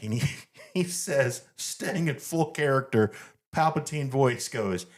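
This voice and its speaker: A middle-aged man hosting a family podcast, telling anecdotes in an animated way and laughing at them. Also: medium pitch, a little slow. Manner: animated storyteller, laughs at his own anecdotes. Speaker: podcast host. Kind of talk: casual family chat.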